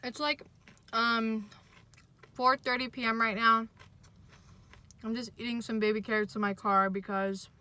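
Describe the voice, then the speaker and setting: Young woman vlogging in her car, kinda high voice, goofy and self-mocking. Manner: chatty, self-mocking, jumps high when excited. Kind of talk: casual vlog chat.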